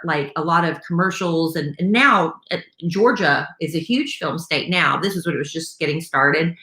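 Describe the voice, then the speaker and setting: A woman's voice: low-pitched, sharp tone. A woman, a radio host telling her story in a chatty way with lots of fillers. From South Carolina, USA. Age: 50s. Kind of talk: casual chat on a live stream. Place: home room. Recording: roomy echo in a home room.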